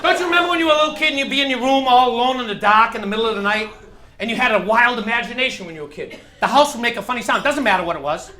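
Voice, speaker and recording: A man doing stand-up, telling stories with animated voices for worried adults and excited kids. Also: very high-pitched, racing. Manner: animated storytelling, acting out anxious inner voices. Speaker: stand-up comedian. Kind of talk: stand-up routine. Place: comedy club stage. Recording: live club recording, echoey room with audience laughter. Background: audience laughing.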